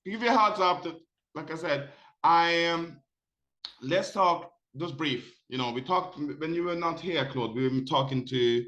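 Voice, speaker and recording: A man's voice: on the high side, measured pace, fairly bright tone. A man hosting a casual talk show, chatting in a playful, teasing way. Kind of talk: casual chat.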